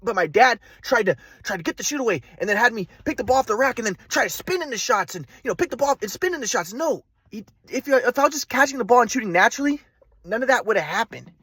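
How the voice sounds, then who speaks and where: Brief: quick-talking man, animated pitch, rambling and aggrieved, dry close sound. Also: slightly rough, dry recording. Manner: fast, repetitive, aggrieved. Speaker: vlogger telling a personal story. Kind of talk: rambling monologue.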